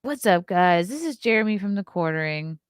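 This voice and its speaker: A woman's voice: on the low side, lively intonation, a little fast, smooth, dry recording, close to an everyday voice. A woman playing a male online video commentator who complains in a mock-earnest, whiny tone. The sound is dry and close.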